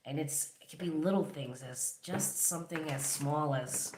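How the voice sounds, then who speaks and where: A tarot reader gives a collective reading, speaking directly to the viewer with steady encouragement and affirmation. The voice sits at a middling pitch. The recording has a noticeable room echo. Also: normal speed, noisy background.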